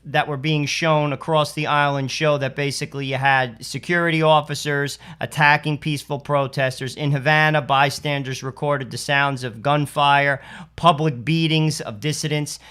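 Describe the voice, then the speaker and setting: A man's voice: on the high side, sharp tone, clear, resonant tone. A man co-hosting a political talk show, reading news quotes with rising force. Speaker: podcast co-host.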